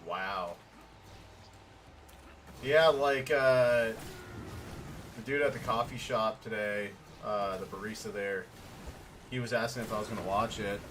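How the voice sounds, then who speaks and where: A man's voice: fairly low pitch, a little slow, pauses often, fairly bright tone, slight background noise, poor audio. A man chatting casually with a friend, often chiming in with short agreeing replies. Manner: easygoing listener, frequent short back-channel replies. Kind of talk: casual chat.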